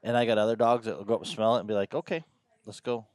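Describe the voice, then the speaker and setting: Low-voiced man, easygoing and soft. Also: level tone, very fast, no echo. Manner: easygoing, trails off softly, restarts. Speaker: hound trainer and guest. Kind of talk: casual conversation.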